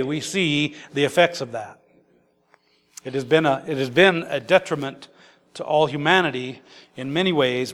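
A man's voice: fairly high pitch, a bit bright. A man preaching a sermon in an emphatic, conversational way. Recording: long echoey hall reverb.

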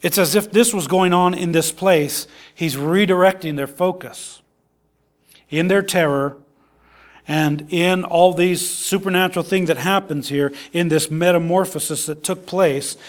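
A man's voice: high-pitched, a little slow. A middle-aged man preaching a sermon in a conversational way, often repeating words and acting out the quotes he reads.

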